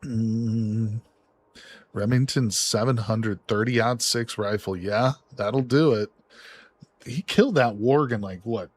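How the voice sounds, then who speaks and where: A man streaming a survival game live, reacting excitedly with swearing and laughter as he plays. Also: mid-range voice, slightly rough. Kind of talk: live gameplay commentary.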